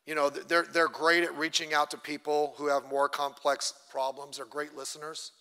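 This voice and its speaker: A man's voice: on the high side, little pitch movement, moderate pace, bright, forceful tone. A middle-aged man, a pastor, teaching a church class in a chatty, self-deprecating way and acting out little quotes. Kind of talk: conversational sermon teaching. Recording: long church hall reverb.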